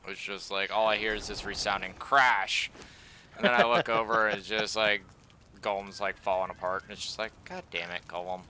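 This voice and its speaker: A man's voice: fairly low pitch, steady tone, moderate pace, pushed and bright. A man streaming a survival game, chatting casually and swearing as he rambles through stories about his play. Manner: profane, rambling storyteller. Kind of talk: casual gaming stream chat.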